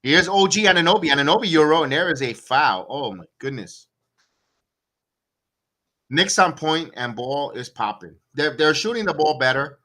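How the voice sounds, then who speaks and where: A man's voice: a little high, animated, moderate pace, sharp tone. A man hosting a live fan watch-along, calling the plays one by one and breaking into sarcastic asides and rants about the coach. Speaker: watch-along play-by-play host. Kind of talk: live fan play-by-play commentary.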